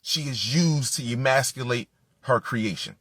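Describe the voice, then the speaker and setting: Husky man preaching with fierce intensity. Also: mid-range voice, a little slow, no echo, studio quality. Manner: emphatic, profane, builds to shouting. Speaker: spiritual speaker. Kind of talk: impassioned preaching monologue.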